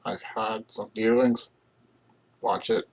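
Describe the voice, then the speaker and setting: A Canadian man chatting casually on his own stream, meandering and halting with many fillers and restarts. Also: on the low side, steady tone, gravelly, rough recording. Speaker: solo streamer. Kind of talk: rambling casual vlog chat.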